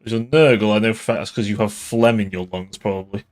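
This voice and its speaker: A man's voice: on the low side, fairly even intonation, quick pace, darkish tone. A man casually commenting on his own live strategy gameplay, joking and swearing as he plays. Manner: joking, sweary, mock-offended. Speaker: streamer.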